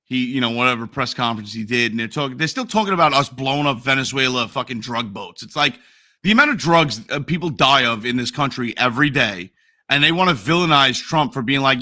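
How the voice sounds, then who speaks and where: A man co-hosting a podcast in casual chat, profane and animated, slipping into mocking voices. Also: mid-range voice, brisk. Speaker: podcast co-host.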